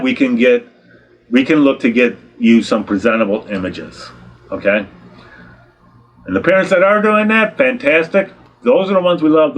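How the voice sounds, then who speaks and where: A middle-aged male photographer talks directly to his viewers, lecturing bluntly. He sounds exasperated and keeps firing rhetorical questions and checking in with "okay?". His pitch sits in an ordinary middle range for a man. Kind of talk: direct-to-camera advice talk.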